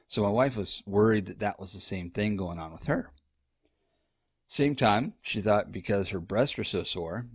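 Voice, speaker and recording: A man's voice: on the low side, no echo, clean studio sound. A young man telling a rambling, profane story about his wife in a casual, conversational way.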